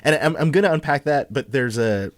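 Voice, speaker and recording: A medium-pitched male podcast co-host talks briskly through a film in casual conversation. His rambling is thick with fillers and false starts, and there's no room sound.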